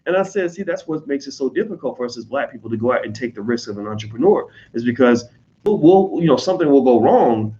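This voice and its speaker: A man with an American accent talking casually to his audience, blunt and profane, slipping into quick mimicry of other people. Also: mid-range voice, lively intonation, warm tone, dull audio. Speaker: online commentator on business. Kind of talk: casual unscripted monologue.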